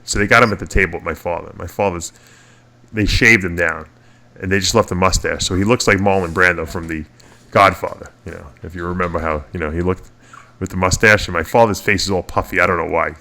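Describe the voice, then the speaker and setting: A middle-aged podcast co-host spins long, rambling stories on a casual talk show, often restarting and chuckling as he goes. His low voice is brisk, pushed and bright, with fairly even intonation.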